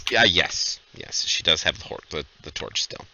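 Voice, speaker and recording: A man's voice: rumbling low, animated, moderate pace, gravelly, sharp tone, no echo, muffled recording. A man narrating a tabletop role-playing game as dungeon master, describing scenes and joking with his players. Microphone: headset over voice chat.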